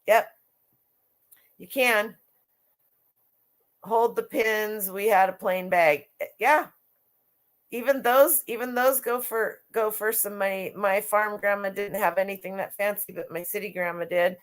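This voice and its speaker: Middle-aged lady rambling on a live stream about vintage finds, chatty, restarts a lot, mid-pitched voice. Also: fairly even intonation, unhurried, pauses often. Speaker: vintage clothing reseller hosting a live stream. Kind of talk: casual live-stream chat.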